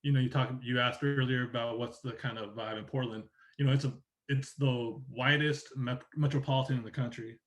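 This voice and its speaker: A man's voice: medium pitch, steady tone, a little fast, few pauses, a bit bright. A man from Oregon chatting as a podcast guest, telling long rambling stories and acting out what people said. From Oregon, United States. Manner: rambling storyteller, acts out quotes. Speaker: podcast guest, soccer journalist. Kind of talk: casual interview chat.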